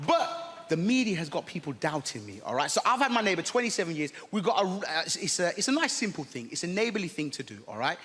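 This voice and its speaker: A man's voice: high-pitched, sing-song, fast, fairly bright tone, a little hiss or hum. A man doing a stand-up set, telling a story and addressing the crowd. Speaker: stand-up comedian. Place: large theatre stage. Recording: live theatre with long reverb, faint crowd.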